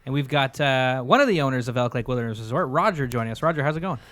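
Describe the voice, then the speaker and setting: A man's voice: mid-range voice, expressive, a bit bright. A man from Canada hosting a podcast in upbeat casual chat, recorded at an outdoor pavilion at a resort. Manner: upbeat, quick-talking. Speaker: podcast host.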